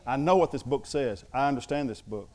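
A man's voice: medium pitch, a little fast, darkish tone. A man preaching a sermon as pastor to his congregation, emphatic and mixing in humorous asides.

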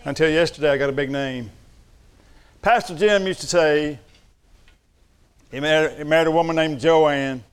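Man, middle-aged pastor, smooth clear voice, slightly high, folksy joking sermon. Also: moderate pace, long pauses. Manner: folksy storytelling with humor and Southern address.

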